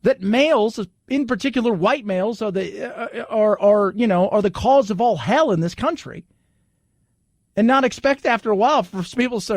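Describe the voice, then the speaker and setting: High-voiced blunt talk radio host. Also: male voice, animated, moderate pace, dry recording, clean studio sound. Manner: blunt and jokey, slips into mocking voices. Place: radio studio.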